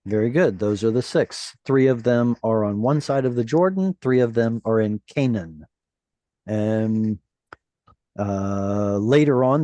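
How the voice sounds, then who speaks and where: A man's voice: on the low side, mellow, dry recording. Patient, encouraging man teaching a class. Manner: patient, encouraging, explains step by step. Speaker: Hebrew teacher. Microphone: video call.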